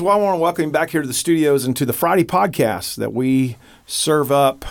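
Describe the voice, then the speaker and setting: Folksy Texan pastor hosting a radio chat. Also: male voice, mid-range voice. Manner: folksy, animated, preacherly blessings. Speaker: pastor and podcast host. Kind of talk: casual radio talk. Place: church studio.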